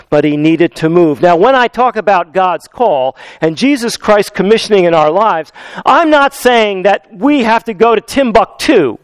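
A man preaching a sermon as pastor, acting out biblical characters in a lively storytelling way. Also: sits high, clear, resonant tone, no room sound, rough recording.

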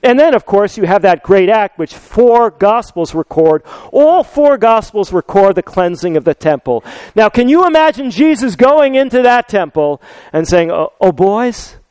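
Older male preacher, earnest and animated sermon, smooth resonant tone. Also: sits high, normal speed, no echo, low-quality recording. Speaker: pastor.

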